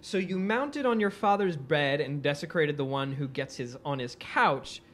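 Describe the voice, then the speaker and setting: A man's voice: on the high side, animated, moderate pace, fairly bright tone. A man hosting a live comedic podcast in a bar, often breaking into laughter. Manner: laughs often between remarks. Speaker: podcast host.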